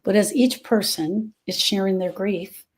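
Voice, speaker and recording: A woman's voice: mid-range voice, measured pace, breathy edge. A woman hosting a live stream on grief, speaking earnestly and directly to viewers and repeating her key phrases for emphasis. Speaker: grief support host.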